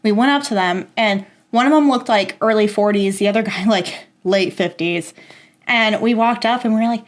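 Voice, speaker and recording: A young woman co-hosting a podcast, chatting casually and telling stories, animated and laughing often as she acts out quotes. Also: medium pitch, normal speed. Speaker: podcast co-host. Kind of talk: casual chat and storytelling.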